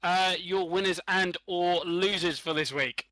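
A man's voice: high voice, a little slow, sharp tone, dry recording, low-quality recording. A man hosting a comedy podcast, handing out points with mock-formal playfulness. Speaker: podcast host. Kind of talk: casual comedic chat.

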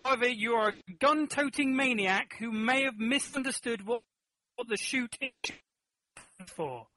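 A man's voice: very high voice, unhurried, sharp tone, rough recording. A man hosting an improv comedy game, upbeat and giving prompts game-show style. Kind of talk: casual comedy podcast chat.

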